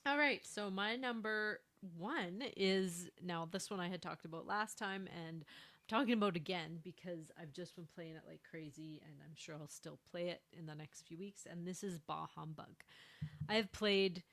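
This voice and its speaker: A woman's voice: lowish voice, moderate pace, fairly bright tone. A woman co-hosting a board game podcast, chatting casually and cheerfully, laughing easily while she explains. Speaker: podcast co-host. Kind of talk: casual chat about board games.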